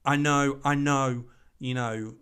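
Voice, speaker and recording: A man's voice: medium pitch, takes it slowly, smooth. A British man co-hosting a podcast, chatting casually, swearing often and rambling as he acts out quotes. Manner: sweary, rambling, animated quoting. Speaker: podcast co-host. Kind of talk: casual chat.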